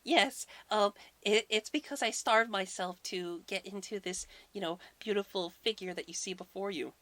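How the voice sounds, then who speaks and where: A man's voice: normal speed, bright, forceful tone, no echo. A man voicing a burly male god who is faking a dainty bride's voice, coy and simpering. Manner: high simpering falsetto, coy.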